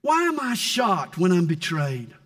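A pastor preaches a sermon in a voice pitched higher than usual, speaking a little slowly. His delivery is dramatic and lively, with sweeping rises and falls in tone as he leans hard into readings of scripture and poetry.

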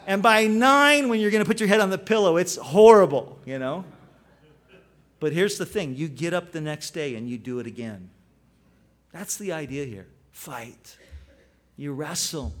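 A male pastor preaches in an easygoing, storytelling way, then hammers home his points with sudden bursts of emphasis. His voice is high for a man and ranges widely in pitch, with a conversational, animatedly emphatic manner.

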